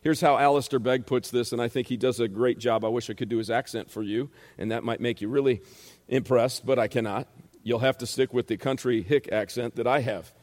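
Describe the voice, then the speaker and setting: A man's voice: medium pitch, steady tone, a little fast, a little mellow. Emphatic preaching man in a reverberant hall. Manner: emphatic, repeats phrases and asks rhetorical questions. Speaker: pastor and Bible teacher. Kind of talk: sermon.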